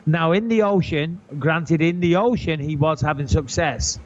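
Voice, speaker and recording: English guy in his thirties, podcast guest, lively, jokey and profane, pitched a bit high, lo-fi sound. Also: moderate pace. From England. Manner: animated, joking and profane. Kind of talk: casual podcast chat.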